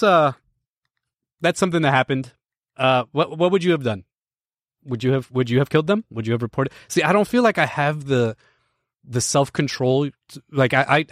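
Animated American man, dry close mic. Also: mid-range voice, no echo. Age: 30s. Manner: animated, restarts often, laughs while telling a story. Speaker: podcast host. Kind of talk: casual storytelling to a live stream audience.

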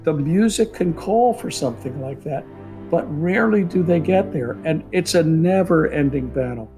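A man's voice: on the high side, expressive, moderate pace, warm tone, faint music behind. A man who conducts orchestras, telling stories from rehearsals in an anecdotal way and laughing easily. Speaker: orchestra conductor, interview guest. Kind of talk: storytelling interview.

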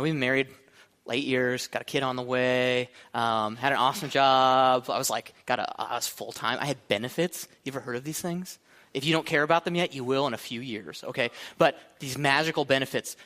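A man's voice: medium pitch, fairly bright tone. A man in his thirties, a pastor giving a casual, joking sermon to college students and acting out his own thoughts. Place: church hall. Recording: long hall reverb.

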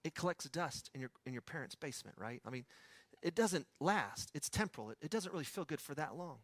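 Guy preaching a sermon, kinda high voice, chatty, asks lots of questions, dry close sound. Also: lively intonation, fairly quick, no room sound. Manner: conversational preaching with rhetorical questions.

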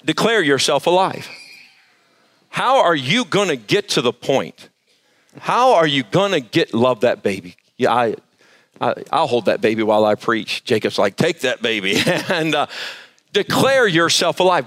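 A pastor preaching to a live church service, emphatic and quizzing the congregation for answers. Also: male voice, fairly high pitch, sing-song, moderate pace, a bit bright. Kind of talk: sermon.

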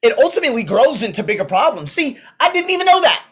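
Guy fired up preaching on his podcast, loud then low, swears, laptop mic at home. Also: big pitch swings, fast talker, breathy edge. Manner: fervent, swings between loud declarations and low asides; swearing, talking to himself by name. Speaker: podcast host and coach. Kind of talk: motivational preaching monologue. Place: indoors at home, pacing with a laptop.

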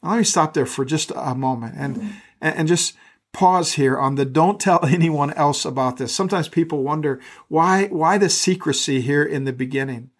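Higher-voiced man preaching conversationally. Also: moderate pace. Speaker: pastor. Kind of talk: sermon.

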